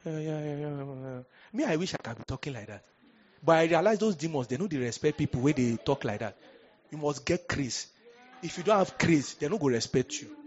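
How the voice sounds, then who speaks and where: A male pastor with a Nigerian accent preaching a storytelling sermon. He is animated and humorous, slips into pidgin and bursts out loudly at times. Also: fairly high pitch, brisk, slightly rough, lo-fi sound. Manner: animated, humorous, breaks into pidgin, sudden loud outbursts.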